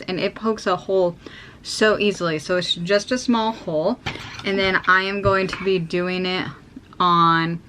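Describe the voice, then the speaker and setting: A woman's voice: fairly low pitch, bright, forceful tone, slight background noise. An American woman in her thirties explaining a sewing project in a chatty, upbeat way, full of ums and likes. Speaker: sewing vlogger. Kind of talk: casual how-to chat.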